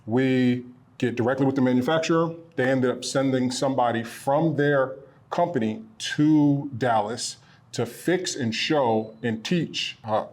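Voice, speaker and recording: A man who owns a printing supply business, chatting casually and a bit ramblingly as he pitches products from his small shop. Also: a little slow, a little mellow. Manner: rambling, self-correcting, earnest. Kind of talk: casual promotional chat. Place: their small shop location.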